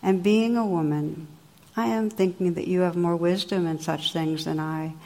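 A woman voicing a devoted, chivalrous young knight in a read-aloud legend, her own low voice barely changed. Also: fairly even intonation, moderate pace, dark tone, long reverb tail, natural voice. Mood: tender.

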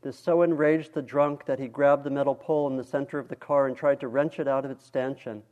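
Man calmly reading a story in a dharma talk. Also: mid-range voice, fairly quick, phone-quality sound. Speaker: meditation teacher.

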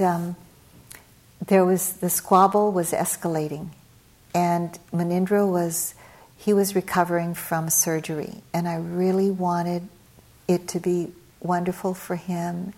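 A woman's voice: on the low side, a little mellow. A middle-aged woman, a meditation teacher, telling a personal story in a conversational dharma talk, with frequent fillers and a livelier lilt when she acts out scenes.

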